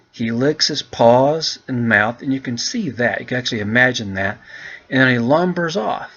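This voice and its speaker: A man teaching English, walking students through an essay in a relaxed, chatty way and calling them "guys". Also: mid-range voice, muffled recording. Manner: relaxed, chatty, keeps addressing the class as "guys".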